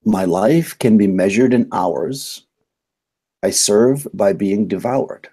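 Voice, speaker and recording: A man voicing a stern magic statue in a tabletop game, reciting riddles slowly and deliberately. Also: lowish voice, dark tone, breathy edge, exaggerated voice. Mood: riddling. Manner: slow, measured riddle recital.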